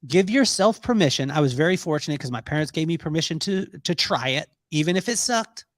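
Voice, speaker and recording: A middle-aged man, a podcast guest, telling stories in a casual, animated way, laughing often and acting out the voices of people he quotes. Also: a little high, a little fast, no room sound, clean studio sound. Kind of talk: storytelling in a casual interview.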